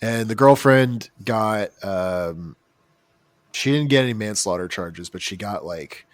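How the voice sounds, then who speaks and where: A man's voice: lowish voice, animated, a little slow, no room sound. Joking american guy, podcast banter. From United States. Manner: joking, rambling, mocking asides. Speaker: podcast co-host. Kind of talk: casual chat.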